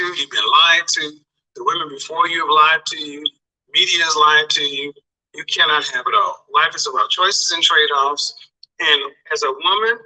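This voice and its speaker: A man's voice: fairly high pitch, pushed and bright, distant mic, rough recording. A man lecturing viewers on dating in emphatic commentary, often repeating his phrases for effect.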